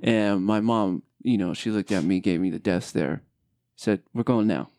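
A man's voice: sits low, moderate pace, darkish tone. A middle-aged man hosting a podcast, telling a family story in a candid, reflective casual chat at home. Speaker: podcast host.

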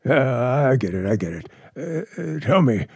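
An actor playing a nervous, stammering husband in a 1940s radio play. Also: male voice, medium pitch, sing-song, moderate pace, vocal fry, slightly rough, no echo, clean studio sound, exaggerated voice. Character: timid frightened husband, Mr. Beaker.

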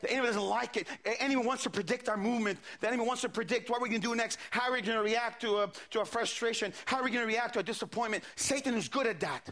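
A male preacher delivers a sermon, walking his listeners through a scripture story. His voice sits very high and sounds bright and forceful. He often repeats words as he builds each point. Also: rapid-fire, hardly any pauses. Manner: retelling scripture with quoted dialogue, frequent repetitions.

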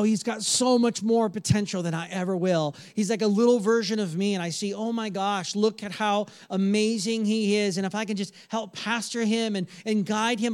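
A man in his thirties preaching a sermon as pastor, animated and joking, with sudden soft, earnest passages. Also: high voice.

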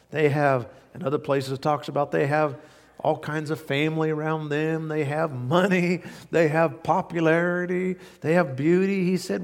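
A man with a slightly high, gravelly voice preaches a sermon, pressing each point again and again and leaning on homespun stories. His voice carries a long reverb, as if from a large church hall. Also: normal speed. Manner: earnest, repetitive emphasis with folksy anecdotes. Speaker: pastor.

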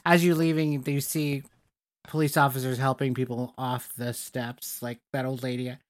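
A podcast co-host with a mid-range voice, chatting casually. They tell stories in an animated way and act out the people in them. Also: medium pitch, moderate pace. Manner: animated storytelling, quotes people. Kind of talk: casual chat.

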